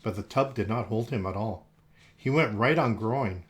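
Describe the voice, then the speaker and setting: A man reading a children's storybook aloud, gentle and expressive. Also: on the low side. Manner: gentle, expressive, slowed for effect.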